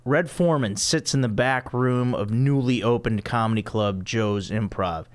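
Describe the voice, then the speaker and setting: A male podcast host reads out stage directions in a flat, deadpan way. His voice is smooth and clear, sitting at an ordinary middle pitch. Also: moderate pace. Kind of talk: reading a comic script aloud.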